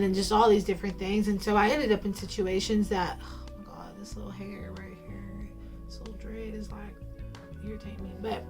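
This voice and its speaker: A woman telling a personal faith story straight to camera in a casual, playful way, full of slang and ums. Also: medium pitch. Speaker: faith vlogger.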